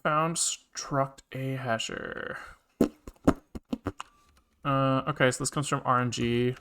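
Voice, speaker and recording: A man's voice: mid-range voice, fairly even intonation, slow, pushed and bright, smooth. A man live-streaming his programming, thinking aloud and muttering to himself with casual swearing, keyboard clicks behind him. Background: keyboard typing and clicking.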